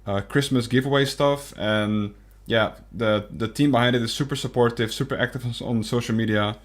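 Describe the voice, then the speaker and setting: A man's voice: mid-range voice, fairly even intonation, moderate pace. A young man co-hosting a casual podcast, talking hesitantly with frequent restarts and fillers. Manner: hesitant, stammering restarts, lots of um and like. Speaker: podcast co-host.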